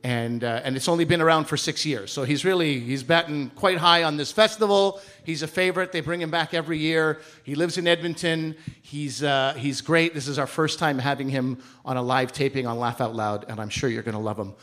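A man's voice: fairly high pitch, steady tone, brisk, few pauses, a bit bright. Upbeat male host introducing an act. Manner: upbeat, teasing, builds up the next act. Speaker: comedy show host. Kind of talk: introducing a comedian. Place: live comedy stage.

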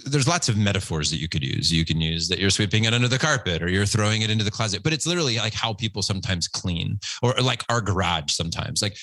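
Guest, male, 40s: emotional, earnest storyteller, bright forceful tone, dry close sound. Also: lowish voice, very animated, normal speed, no echo. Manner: emotional, earnest, acts out quotes. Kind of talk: candid personal storytelling.

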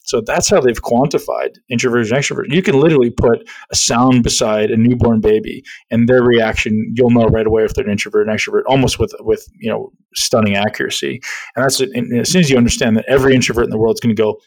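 This middle-aged man hosts a podcast, rattling off explanations in a relaxed, conversational way and checking in with "right?" often. His voice is medium in pitch and steady in tone, captured on a rough recording.

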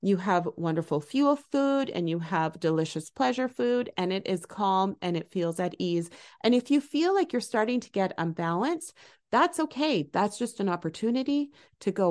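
Middle-aged woman, warm-hearted coach voice, gentle and animated solo podcast talk. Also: mid-range voice, normal speed. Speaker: podcast host and eating coach.

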